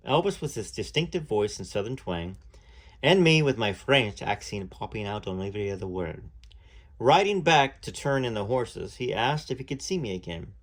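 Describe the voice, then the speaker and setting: In a fairly low voice, a man narrates a book in the first person, keeping a measured pace. Between passages he sometimes stops to offer his own comments.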